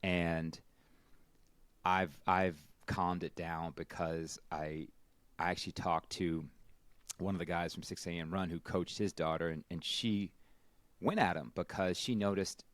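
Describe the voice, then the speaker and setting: A man with a deep, low-pitched voice talks in a relaxed, reflective way, often stumbling over and repeating his opening words. The sound is dry and close, with no room echo. He comes across as a podcast guest in casual conversation. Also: measured pace. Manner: reflective, repeats words when starting sentences.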